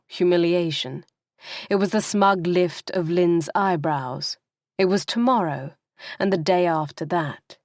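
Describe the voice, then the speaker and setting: With a fairly low pitch, a woman gives a measured, expressive audiobook narration from a script. The recording is dry and has clean studio sound.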